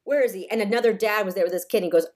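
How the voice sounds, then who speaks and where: A woman's voice: medium pitch, racing, a little mellow. A woman co-hosting a podcast, animatedly telling a family story in casual chat and acting out the voices. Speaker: podcast co-host.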